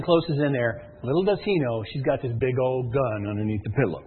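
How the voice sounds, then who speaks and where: A man telling a movie plot as a comedy bit, an excitable storyteller who gets louder and shouts as it builds. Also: medium pitch, brisk, hardly any pauses, a little hiss or hum. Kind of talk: comic retelling of a movie plot. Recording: thin phone-like sound.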